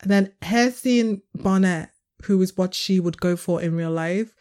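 A young British woman co-hosting a casual podcast chat, animated and quick to laugh. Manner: animated, laughs often, acts out quotes in high voices. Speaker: podcast co-host.

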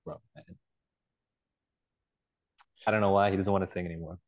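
A man co-hosting a podcast, chatting in a relaxed way, laughing often and repeating words. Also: low voice, normal speed. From Canada. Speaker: podcast co-host. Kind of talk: casual chat.

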